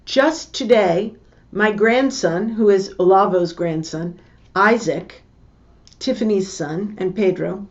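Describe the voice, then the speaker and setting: Slow, measured older woman teaching. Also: mid-range voice, lo-fi sound. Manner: slow, measured, repeats key points. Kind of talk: lecture with personal stories.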